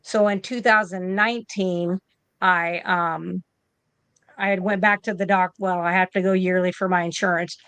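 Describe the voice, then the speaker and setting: A woman's voice: fairly low pitch, steady tone, moderate pace, a bit bright, clean tone, dry recording. A woman in her fifties, an interview guest and nurse from the United States, telling a story in a casual way and acting out both sides of each conversation.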